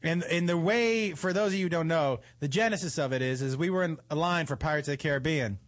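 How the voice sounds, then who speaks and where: A man's voice: fairly high pitch, quick pace. A man on a podcast telling a long, profane anecdote in casual chat, acting out the quotes. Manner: animated, profane, acts out quotes.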